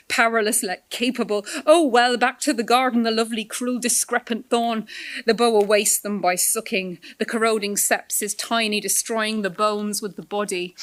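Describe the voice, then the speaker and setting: A woman poet reading her own poetry aloud in a deliberate, rhythmic recitation with shifting emphasis. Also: mid-range voice, fairly bright tone.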